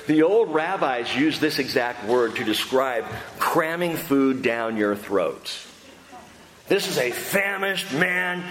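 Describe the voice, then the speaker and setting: A male pastor preaching a sermon in an animated, humorous and emphatic way. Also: mid-range voice, a little slow. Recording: echoey hall with faint noise.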